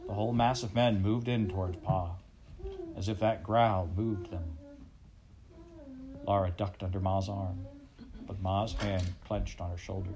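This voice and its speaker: A man narrating a storybook at a measured, even pace. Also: low voice, noisy background. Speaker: audiobook narrator.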